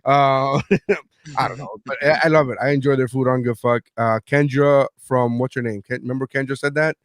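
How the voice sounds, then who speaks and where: A man's voice: mid-range voice, steady tone, a little fast, no room sound, clean studio sound. A middle-aged man hosting a podcast, telling stories in casual chat and acting out his own lines, swearing freely. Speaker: podcast host.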